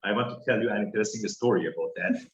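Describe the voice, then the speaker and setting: A man, a guest telling a story in halting English full of fillers over a video call. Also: lowish voice, roomy sound, muffled recording, slight background noise. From Iran. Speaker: guest author. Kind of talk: interview storytelling.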